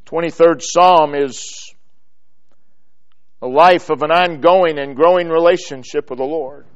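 Male preacher, high-pitched and unhurried; stacks phrases for emphasis, drops low at the ends. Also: muffled recording. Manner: slow, emphatic preaching that builds in lists and trails off softly. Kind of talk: sermon.

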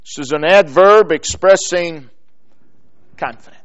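Male preacher, high-pitched and unhurried; stacks phrases for emphasis, drops low at the ends. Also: dull audio. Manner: slow, emphatic preaching that builds in lists and trails off softly. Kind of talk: sermon.

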